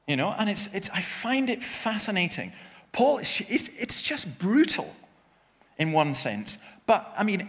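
Male preacher, fairly high voice, very lively delivery with wry humor, long hall reverb. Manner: emphatic, self-deprecating humor, frequent restarts. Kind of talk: sermon with personal anecdotes.

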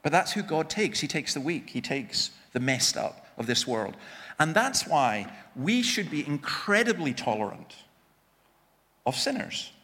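Male preacher, fairly high voice, very lively delivery with wry humor, long hall reverb. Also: unhurried. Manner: emphatic, self-deprecating humor, frequent restarts. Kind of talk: sermon with personal anecdotes.

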